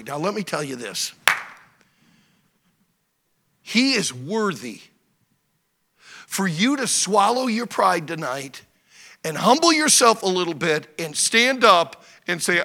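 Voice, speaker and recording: High, lively man preaching a sermon. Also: a little slow. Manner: swings from loud exhorting to quiet storytelling.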